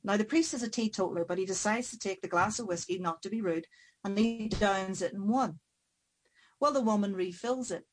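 A woman's voice: mid-range voice, a little fast, slightly rough, rough recording. Woman telling a folk tale. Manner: dramatic, varied pacing. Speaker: storyteller.

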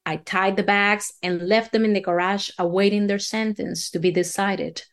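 A woman's voice: medium pitch, fairly even intonation, moderate pace. A woman storyteller spinning a folksy, dramatic tall tale in a drawling way.

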